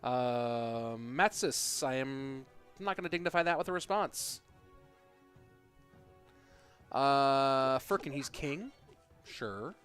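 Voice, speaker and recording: A man's voice: medium pitch, animated, takes it slowly, fairly bright tone, clean tone, faint music behind. A man casting an esports tournament on a live stream, chatting casually and answering viewer questions between matches with plenty of ums and uhs. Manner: casual, answers chat questions with frequent fillers.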